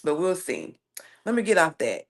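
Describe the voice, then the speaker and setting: A woman with a Southern US accent hosts a casual live stream, reading viewer comments and telling stories in a sassy, animated way. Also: lowish voice, normal speed. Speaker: livestream host.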